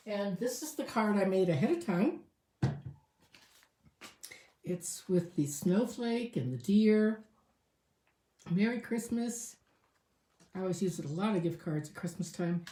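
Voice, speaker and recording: A woman's voice: fairly low pitch, mellow, echoey room. A woman showing a craft step by step in a casual tutorial, chatting and thinking aloud as she works. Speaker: crafting demonstrator.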